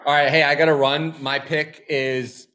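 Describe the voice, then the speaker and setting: A man co-hosting a podcast, trading teasing, quick banter in casual chat. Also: a little high, little pitch movement, pushed and bright.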